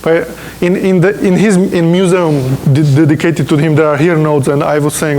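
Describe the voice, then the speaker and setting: A man's voice: on the high side, fairly even intonation, moderate pace, few pauses, darkish tone, a little hiss or hum. A man who is not a native English speaker, lecturing on physics in an informal, joking way and often checking in with "okay?". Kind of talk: university lecture. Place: lecture room.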